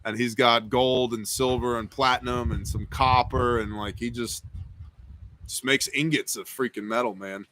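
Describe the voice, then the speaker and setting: A man's voice: medium pitch, steady tone, normal speed, a bit bright, no echo. Joking man hosting a live Q&A. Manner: joking, casual, rambling. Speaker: host. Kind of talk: live stream Q&A, reading chat.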